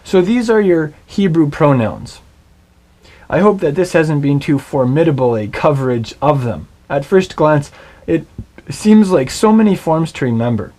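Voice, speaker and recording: A middle-aged man teaching a recorded Hebrew lesson, patient and clear, slowing down to spell out Hebrew words. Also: a little high, lively intonation, dark tone.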